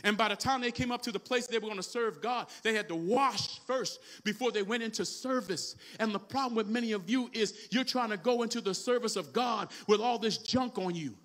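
High, bright-voiced preaching man. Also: brisk, hardly any pauses. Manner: preaching that builds to shouts, calls to the congregation. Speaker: pastor. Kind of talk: sermon. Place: church sanctuary.

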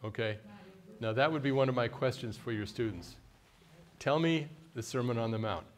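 An older man speaks at a conference workshop in a loose, conversational way. He keeps turning to his listeners with questions, and now and then he mimics a haughty, deliberate voice. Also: medium pitch. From United States. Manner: conversational, quizzes audience with questions.

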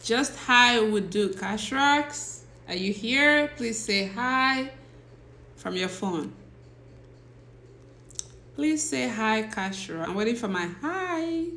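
A woman's voice: a little high, animated, pushed and bright, reverberant, slight background noise. A woman hosting a casual livestream, chatty and laughing often as she reads out viewers' names and greets them. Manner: talks slowly. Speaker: livestream host, teacher. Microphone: phone or laptop livestream.

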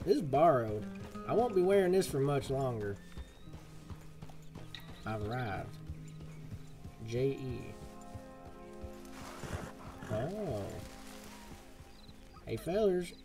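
A young man chatters through his live playthrough in a playful, put-on country drawl. His voice sits a touch high, and game music plays underneath him throughout. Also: warm tone. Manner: jokey, fake folksy cowboy talk. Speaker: gaming streamer. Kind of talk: casual live gameplay commentary.

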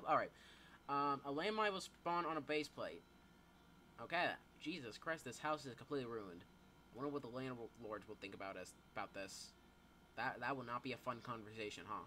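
A teenage boy giving live gameplay commentary, excitable, yelping and swearing as things happen. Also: mid-range voice, moderate pace, slight background noise. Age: teens. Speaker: gamer.

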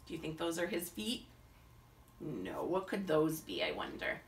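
A woman teacher reading a picture book aloud to a child in an animated way, stopping to ask the child questions. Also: low-pitched, unhurried, gravelly, roomy sound, recorded from a distance. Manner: animated, asks the listener questions.

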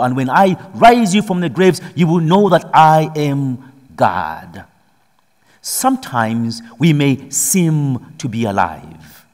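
A man's voice: on the high side, darkish tone, in a large hall. A man reading the Gospel solemnly and then preaching a homily, his voice rising as he presses his points. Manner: slow solemn reading, building to emphatic preaching. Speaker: priest.

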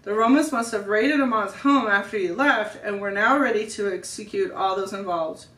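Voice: medium pitch, normal speed, sharp tone, roomy sound, recorded from a distance, poor audio. Family reader telling a story aloud. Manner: reads steadily with small slips and self-corrections.

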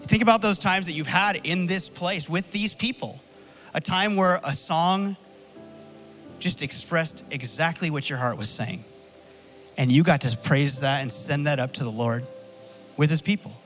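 A man's voice: fairly high pitch, unhurried, fairly bright tone, faint music behind. A man preaching as pastor, earnestly encouraging his congregation. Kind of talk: sermon.

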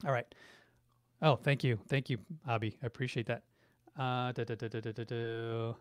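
This middle-aged guest, an expert in branding and marketing, fields viewer questions from a live-stream chat with effusive enthusiasm, frequently restarting his sentences. His mid-range voice holds fairly even intonation at a normal speed, and the studio sound is clean with no room echo.

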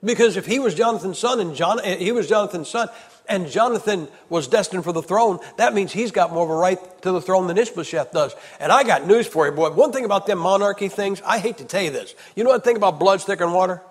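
A man preaching a sermon with emphatic rhetorical questions, swinging from loud declarations to hushed storytelling. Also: sits high, expressive, quick pace, husky. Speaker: evangelist preacher. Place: large church hall. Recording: long hall reverb.

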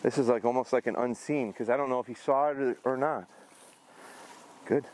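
Middle-aged guy training his gundog in a field, just talking it through, easygoing, mid-pitch voice. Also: fast, slight background noise. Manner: relaxed explaining between sharp short dog commands; high excited praise to the dog. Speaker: dog trainer. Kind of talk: outdoor training commentary. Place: outdoors in a field.

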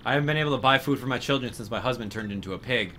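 A man's voice: mid-range voice, very fast, bright, forceful tone, slight background noise, natural voice. A man reading the lines of a worried village mother from a video game in his own plain voice. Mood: pleading.

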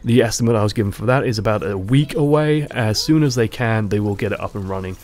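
A man giving measured, explanatory commentary on a video game in a vlog. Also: lowish voice, a little mellow. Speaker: gaming YouTuber.

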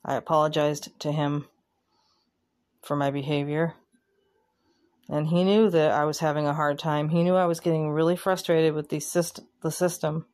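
A woman vlogger giving candid, plainspoken commentary, pausing and restarting as she thinks. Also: sits low, fairly even intonation, a little mellow. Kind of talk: casual reflective commentary.

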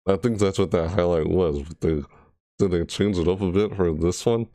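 In a low, warm voice at a normal speed, a gaming creator casually reacts to a game trailer, rambling, revising what he says, and breaking into shrieked character impressions. The audio is studio quality with no echo.

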